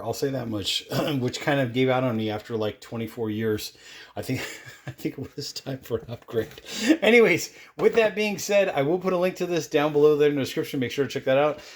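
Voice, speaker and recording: A man's voice: fairly high pitch, a little mellow. An older man hosting a casual product review, talking in a rambling, chatty way and often correcting himself mid-sentence.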